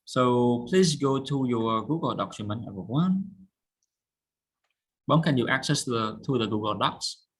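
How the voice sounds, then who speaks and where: The voice is a man teaching English over a video call, with a Cambodian accent and a mid-range pitch. He explains words patiently and drills stress and pronunciation. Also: animated, a little slow, slightly rough, rough recording. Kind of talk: online English lesson.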